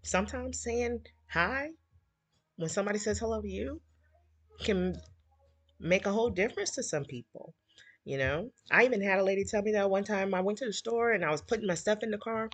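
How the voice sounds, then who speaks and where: A woman's voice: medium pitch, expressive, fairly quick, a bit bright, dry recording. A middle-aged woman, hosting a livestream and rambling emotionally while she reads viewer comments. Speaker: livestream host. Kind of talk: casual heartfelt livestream chat.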